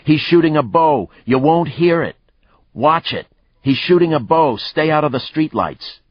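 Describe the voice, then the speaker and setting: A man's voice: on the low side, fairly quick, no room sound, dull audio, voice pushed up, natural voice. A man voicing a tense male police detective who gives terse orders in an audiobook. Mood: shouting. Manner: terse commands, barked orders. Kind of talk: audiobook narration.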